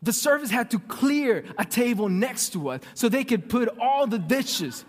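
A man preaching a sermon, telling stories with swings from loud excitement to hushed near-whispers. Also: extremely high pitch, unhurried. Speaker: pastor. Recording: long reverb of a hall.

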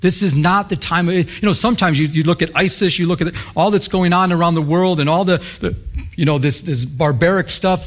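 Animated man preaching a sermon. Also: sits high. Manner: animated, quotes scripture, drops to hushed intensity. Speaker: pastor. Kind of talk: sermon with storytelling.

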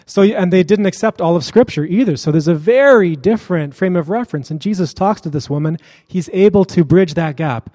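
A man's voice: on the high side, a little fast, a little mellow, long reverb tail. A man preaching a sermon in a casual, joking and blunt way.

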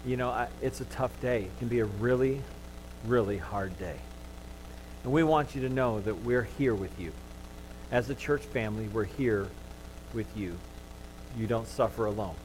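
A male pastor delivers a sermon to his church in a middle-pitched voice. He tells his stories with animated energy and turns gentle when he comforts. A faint hum sits under the recording. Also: rough recording.

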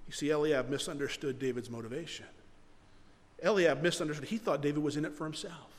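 A man preaching a sermon as pastor, animated and repeating his words as he presses a point. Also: on the high side, brisk, big-room sound.

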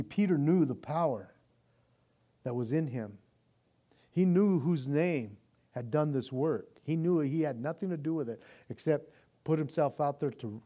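A man's voice: mid-range voice, mellow. A man preaching a sermon as pastor in a casual, slangy way that builds to impassioned intensity.

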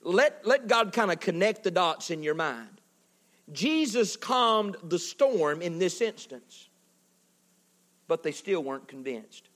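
A male pastor preaching a sermon, animated, swinging from loud to hushed and acting out little voices. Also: high-pitched, slow pace.

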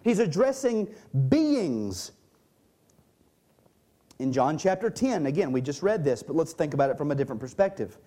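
Emphatic male preacher with a mellow tone. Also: on the high side, sing-song, moderate pace, pauses often. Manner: emphatic, stresses key words, reads and explains scripture. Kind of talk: sermon.

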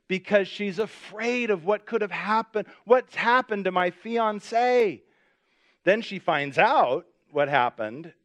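A man's voice: sits high, a bit bright, no room sound. A middle-aged man preaching a sermon, telling a personal story with self-mocking humor and acting out the voices in it. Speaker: pastor.

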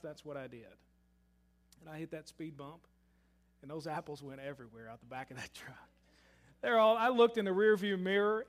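A man preaching a sermon and telling a story, shifting between loud emphasis and hushed asides. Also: high voice. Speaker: pastor.

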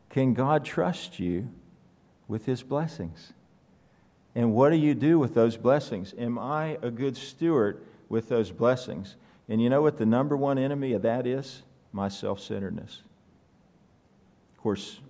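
A man's voice: medium pitch, warm tone. A man preaching a sermon, asking the congregation questions and joking with them. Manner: conversational, asks the congregation questions, joking asides.

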